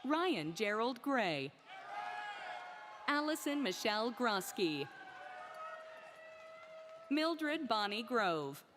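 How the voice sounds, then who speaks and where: A woman reading out graduates' names one by one at a commencement ceremony, careful and deliberate. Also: a little high, very animated. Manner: slow, careful name reading. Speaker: commencement name reader. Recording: crowd and noise of a large ceremony.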